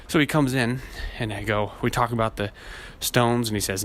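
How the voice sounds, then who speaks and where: A man's voice: lowish voice, steady tone, brisk, few pauses, a bit bright, a little hiss or hum. A man hosting a podcast, telling a rambling, profane story and acting out the people in it. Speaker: podcast host. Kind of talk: casual chat.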